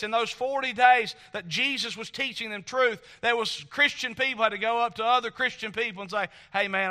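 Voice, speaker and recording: A man's voice: very high-pitched, pushed and bright. A man preaching a sermon in a church auditorium, building to emphatic swells and repeating refrains. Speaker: pastor.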